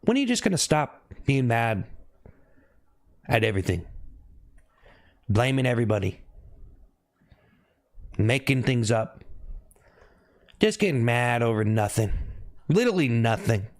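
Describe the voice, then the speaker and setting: Man, live streamer, teasing chat banter, repetitive needling questions, mid-pitched voice, sudden high yelps. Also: sing-song, unhurried, pauses often.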